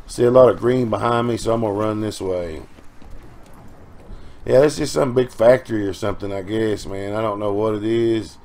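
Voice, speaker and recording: A middle-aged man, tired from no sleep, giving rambling, folksy, profane gameplay commentary with quick outbursts. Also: lowish voice, a little mellow. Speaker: gaming channel host.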